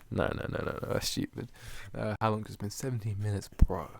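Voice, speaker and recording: Young male podcast host, low gravelly voice, loose filler-heavy rambling. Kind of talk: casual rambling solo podcast.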